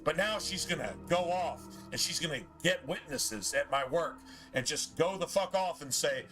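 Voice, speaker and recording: A male streamer talks over his gameplay in a heated, profane rant. His voice sits a little high for a man and sounds sharp and tense. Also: normal speed, soft background music. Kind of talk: ranting chat over gameplay.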